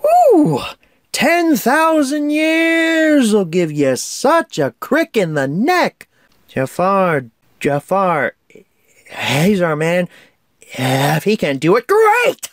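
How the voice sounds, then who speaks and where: A man voicing a manic, zany male genie in an animated film, singing in a hyper, shouty comic style. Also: very high-pitched, extremely slow, dry recording, studio quality, full character voice. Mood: exuberant.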